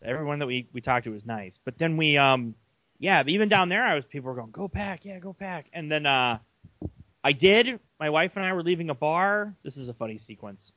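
A young man co-hosting a casual sports podcast, telling long rambling stories with animated energy. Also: a little high, a little fast, no room sound. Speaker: podcast co-host.

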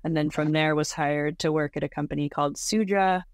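A woman's voice: deep voice, steady tone, fairly quick, dry recording. Woman, thirties, podcast guest, chatty, lots of filler words, dry close sound. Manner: chatty, many fillers like "like" and "um", laughs often. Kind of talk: casual interview storytelling.

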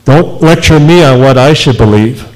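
A man's voice: mid-range voice, moderate pace, a little mellow, close to an everyday voice, poor audio. A man voicing a stern older male colonel who firmly pulls rank. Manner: firm, rebuking.

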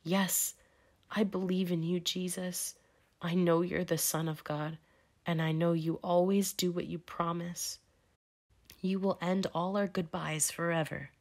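A woman's voice: on the low side, level tone, measured pace, darkish tone. A woman voicing Martha, a grieving, earnest woman, in a children's Bible storybook read-aloud.

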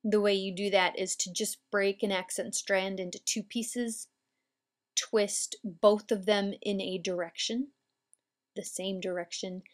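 Woman instructor, mid-pitched, patient and methodical, walking viewers through a braid demo. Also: a little slow. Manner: calm, patient, step-by-step explaining. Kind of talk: instructional demonstration.

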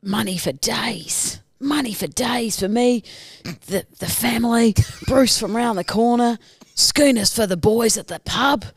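A woman voicing a gleeful rural Australian gold miner with a broad Australian accent, in a lowered, drawling voice. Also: unhurried, gravelly, slightly rough, no room sound, heavily acted. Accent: broad Australian put on.

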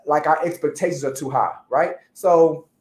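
A woman co-hosting a casual chat, talking in a playful, slangy, lively way. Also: sits low, moderate pace, reverberant. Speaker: co-host.

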